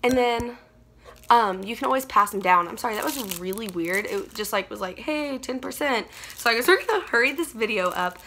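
A young woman, chatting casually as a beauty vlogger, gushing and rambling excitedly. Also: medium pitch, a little fast, slight background noise. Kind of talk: casual unboxing chat.

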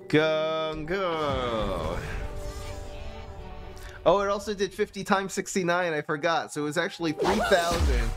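Over music, a man gives casual live-stream commentary while playing a card game, thinking aloud and breaking into giggly excitement. His voice is high-pitched and fairly quick, with few pauses.

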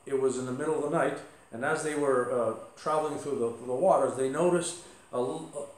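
A man's voice: medium pitch, brisk. A male pastor giving a conversational sermon with asides and light humor. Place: church sanctuary. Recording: echoey church sanctuary.

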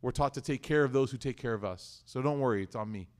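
Male community speaker, relaxed faith talk, humorous storyteller who trips over his words. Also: mid-range voice, fast. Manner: conversational and joking, with frequent restarts. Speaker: speaker at a community study circle. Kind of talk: casual religious talk with personal stories.

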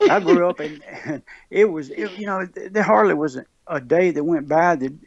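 A man's voice: a little high, lively intonation, moderate pace, vocal fry. A man from Mississippi with a Mississippi Southern accent, a guest talking earnestly in a casual conversation, often repeating himself and restarting. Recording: dull lo-fi recording.

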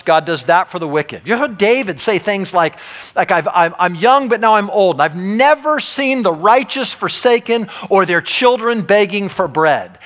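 A man's voice: fairly high pitch, a bit bright. A man preaching a sermon as pastor in a church, talking conversationally and often checking in with the congregation.

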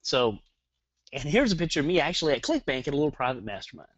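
Hyperactive and full of energy, a Southern-accented man hosts a live online marketing webinar, peppering his audience with rhetorical questions. His voice is a little high and his pace quick, and the dry recording has its highs cut off.

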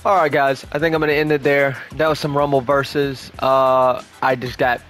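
A young man giving live, excitable commentary over his own gameplay, swearing and shouting at sudden plays. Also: mid-range voice, normal speed, faint music behind. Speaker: gaming YouTuber.

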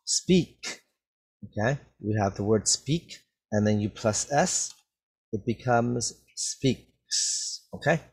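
A man teaching English vocabulary, reading slowly and repeating each word clearly for learners, speaking through a mask. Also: fairly low pitch. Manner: very slow, carefully enunciated, repeats words for learners. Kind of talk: slow classroom reading and vocabulary drill. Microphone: wears a mask while talking.

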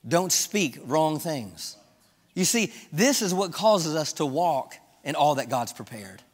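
A man's voice: fairly high pitch, lively intonation, slow, big-room sound. A man preaching a sermon, asking the congregation questions and building emphasis as he reads scripture. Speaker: pastor. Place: church sanctuary.

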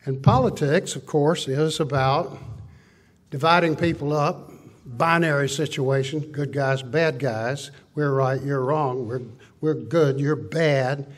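An older man giving a folksy, animated conference talk, riffing through lists and anecdotes. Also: mid-range voice, slow pace. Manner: folksy, animated storytelling with list-like riffs. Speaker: conference speaker. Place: conference hall.

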